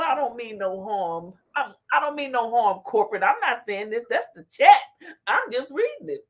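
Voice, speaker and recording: A woman's voice: fairly high pitch, normal speed. A woman hosting a casual livestream, reading the chat aloud and laughing often. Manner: animated, laughs often, talks back to chat. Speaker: talk show host reading live chat.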